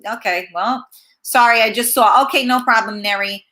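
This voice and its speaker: A woman's voice: on the high side, normal speed, bright, forceful tone. A woman hosting a casual live-stream talk show, reading viewer comments aloud and answering them with plenty of fillers. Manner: chatty, reads comments aloud, hesitant with many fillers.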